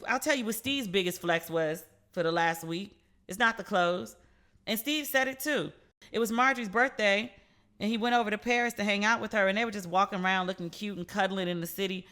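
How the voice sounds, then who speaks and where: A woman hosts her own podcast alone, chatting through stories with lively, teasing asides. Her voice is bright and forward, set at an ordinary middle pitch. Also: brisk. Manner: chatty, animated storytelling with playful asides. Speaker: podcast host. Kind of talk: casual solo podcast commentary.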